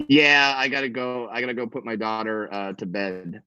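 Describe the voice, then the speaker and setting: Laughing comedian on a dull dry call. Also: male voice, medium pitch, level tone, moderate pace, bright, forceful tone, clear, resonant tone, dry recording. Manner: laughing often, rambling with many restarts. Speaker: stand-up comedian, guest. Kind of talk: casual chat.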